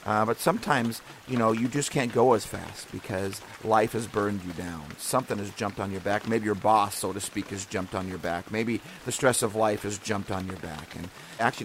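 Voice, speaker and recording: A man's voice: on the low side, normal speed, hardly any pauses, fairly bright tone, slight background noise. A man hosting a podcast, giving a casual devotional talk in an earnest, encouraging way that rambles and restarts often. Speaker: podcast host.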